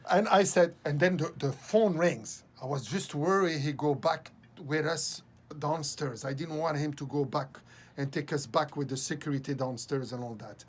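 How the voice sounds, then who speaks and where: A man as an interview guest, telling a story with lots of laughter and halting restarts. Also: fairly high pitch, slight background noise. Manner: laughs often, halting restarts, acts out quoted dialogue. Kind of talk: animated storytelling anecdote.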